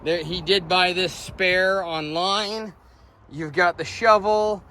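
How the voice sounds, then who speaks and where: A man with a high, bright voice gives a loose, rambling walkaround of a truck he is selling outdoors. He talks casually, stumbling over fillers as he goes. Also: steady tone, takes it slowly, slight background noise. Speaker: vehicle seller. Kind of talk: casual walkaround sales video.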